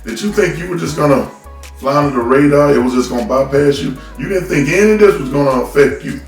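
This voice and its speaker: A man's voice: a little high, fast, gravelly, soft background music. A man ranting bluntly and scolding his listeners, stumbling over repeated words as he talks into a phone from a distance. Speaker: commentary host. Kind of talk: unscripted political rant. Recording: roomy, from a distance off the mic.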